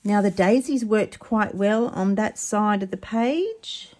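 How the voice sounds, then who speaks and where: A mellow-voiced woman talks through a craft project at her table. She is chatty and excitable, often tripping over her words. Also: medium pitch, takes it slowly. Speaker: craft vlogger. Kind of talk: casual craft demonstration.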